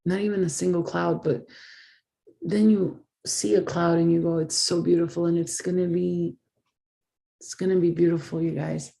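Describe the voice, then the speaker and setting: A woman's voice: lowish voice, flat delivery, moderate pace, vocal fry, warm tone. A woman giving a channeled tarot reading, talking in an effusive, emotional and dramatic way, with the odd swear word. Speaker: tarot reader.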